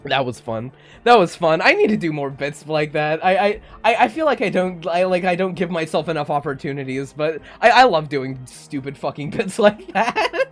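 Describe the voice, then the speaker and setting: A streamer chats casually from a home setup on a desk microphone. The voice sits mid-pitch but moves a lot, with playful ups and downs while joking. Faint game music plays underneath. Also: lively intonation, moderate pace. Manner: joking, laughs often, mock-tearful bits. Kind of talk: casual live-stream chat.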